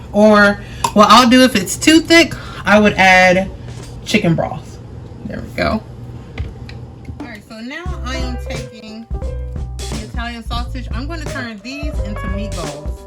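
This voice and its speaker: A woman's voice: on the high side, animated, a little slow. A young woman hosting a casual cooking vlog from her home kitchen, chatting straight to her viewers with easy slang. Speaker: cooking vlogger. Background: background music.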